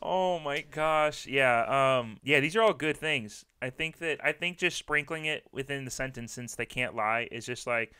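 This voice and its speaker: A man's voice: mid-range voice, big pitch swings, a little slow, pushed and bright, smooth. A man co-hosting a casual comedy podcast, riffing and giggling as he trades jokes. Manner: giggly, riffing, breaks into laughter. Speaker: podcast co-host.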